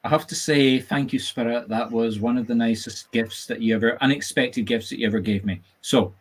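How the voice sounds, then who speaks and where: A Scottish man chats through a live stream, spinning chatty stories and jokes. His pitch sits in an ordinary middle range, and he talks with animated, lively energy. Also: fairly quick, husky. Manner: chatty, animated, jokey storyteller. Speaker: medium and host. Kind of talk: casual live-stream chat. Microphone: video call setup.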